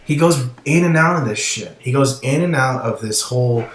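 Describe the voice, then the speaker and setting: A man's voice: medium pitch, lively intonation, normal speed, few pauses, echoey room, slight background noise, poor audio. A man giving casual commentary as he reads through chat logs, blunt and swearing, often trailing off mid-thought.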